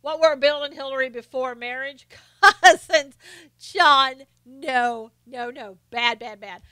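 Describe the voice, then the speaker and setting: Bright, crisp-voiced woman with faint Southern accent. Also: high voice, fairly even intonation, no room sound. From North Carolina, US. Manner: chatty, laughs often, slows down to mimic quotes. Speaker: live stream host. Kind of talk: casual chat reading viewer comments.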